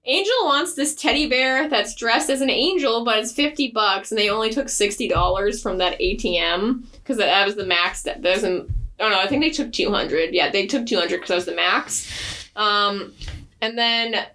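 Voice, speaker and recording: A woman co-hosts a casual podcast, and her voice is bright and forward. She recaps a story in an animated, rambling way and laughs often between the plot points. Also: medium pitch, normal speed. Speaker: podcast co-host. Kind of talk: casual book recap chat.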